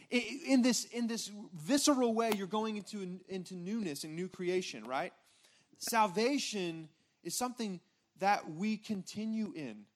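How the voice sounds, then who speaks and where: A pastor with a strikingly high voice delivers a casual, conversational sermon from a church stage while the congregation responds. He thinks out loud, stumbling, repeating words and restarting, and keeps tossing a quick "right?" to his listeners between points.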